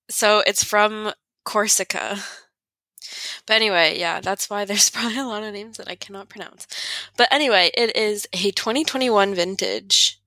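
Young woman, twenties, casual chat, giggly, bright voice, dry close sound. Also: medium pitch, measured pace, dry recording. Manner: giggly, laughs often while talking. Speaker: podcast co-host.

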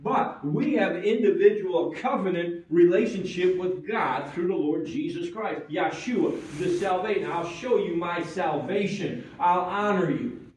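A man preaching a sermon, stressing and repeating key words, at times rising loud and at times dropping very quiet. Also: high voice, a little slow. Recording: echoey and distant, dull sound.

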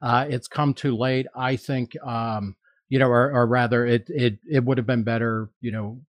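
A man in a casual roundtable talk, rambling and opinionated, circling back with lots of "you know" and "uh." His voice sits at an ordinary middle pitch and is recorded close and dry, with no room sound. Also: steady tone, normal speed, no echo. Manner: rambling, many fillers and restarts, opinionated. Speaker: podcast co-host, magazine editor.

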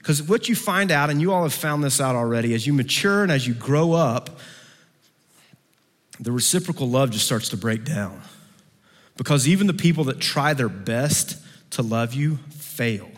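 A man preaching a sermon who acts out quoted voices and moves between soft, low passages and lively, raised ones. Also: moderate pace. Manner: acts out quoted voices with big pitch swings. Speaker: pastor. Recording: long hall reverb.

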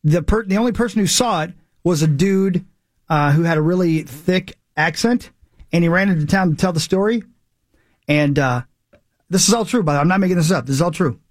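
In clean studio sound without echo, a man in his forties hosting morning radio talks briskly in a high voice. He tells a meandering, emphatic story as part of casual chat, poking fun at himself along the way.

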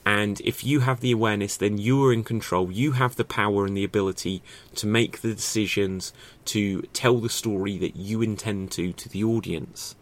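A man's voice: on the low side, fairly even intonation, moderate pace, hardly any pauses. A man giving a casual spoken lesson on acting and stagecraft, thinking aloud with many rhetorical questions and fillers. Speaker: acting and improv teacher.

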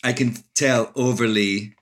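Scottish man, thoughtful and halting. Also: mid-range voice, steady tone. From Scotland. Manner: thoughtful, many restarts and hesitations. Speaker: actor and author guest. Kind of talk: interview conversation.

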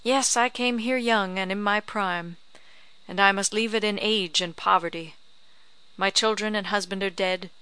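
A woman's voice: medium pitch, clean tone, no echo, lightly acted. A woman reader voicing a shrewd, tart old backwoods woman who haggles scornfully. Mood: mournful. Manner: sharp, bargaining, scornful. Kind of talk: audiobook character reading.

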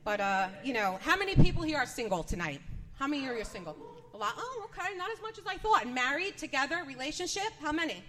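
In an echoey comedy venue before a live audience, a Northeast US woman in her forties performs stand-up. Her high voice swings widely in pitch and has a fairly bright tone, and she talks fast in a chatty, nervous, self-deprecating way.

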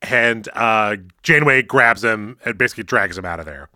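Lively, bright-voiced man recapping an episode. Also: fairly low pitch, moderate pace, no room sound, studio quality. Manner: animated, acts out quotes in mock voices. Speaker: podcast co-host. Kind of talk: casual episode recap chat.

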